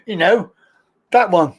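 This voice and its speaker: A man's voice: high voice, very noisy. A man hosting a casual live stream, joking, chatty and laughing a lot. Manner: jokey, chatty, laughs often, slow drawl. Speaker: livestream host.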